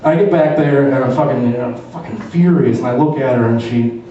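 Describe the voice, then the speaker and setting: A man's voice: medium pitch, fast, mellow, slight background noise. A man doing a stand-up routine on a club stage, telling a story with lots of swearing. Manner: profane storytelling. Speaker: stand-up comedian. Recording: echoey, dull live club from far.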